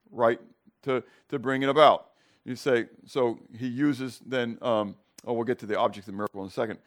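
A man teaching a casual Bible class, checking in with "okay?" and "right?" and acting out scenes for his students. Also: mid-range voice. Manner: asks the class questions and acts out scenes.

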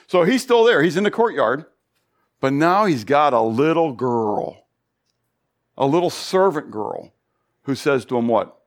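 A pastor preaching a Bible study sermon, animated, full of rhetorical questions. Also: male voice, a little high, measured pace, long pauses.

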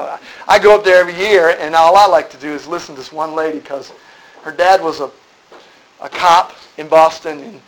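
A man's voice: a little high, vocal fry, a bit bright, a little hiss or hum, poor audio. A middle-aged man, a ministry leader giving an earnest presentation to a church group and repeating points for emphasis. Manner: earnest, repetitive, preacherly emphasis.

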